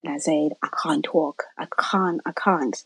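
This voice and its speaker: A woman's voice: low voice, fairly even intonation, unhurried, a bit bright, slightly rough, no echo, low-quality recording. A woman guest telling a personal story, acting out quoted voices and dropping to near-whispers.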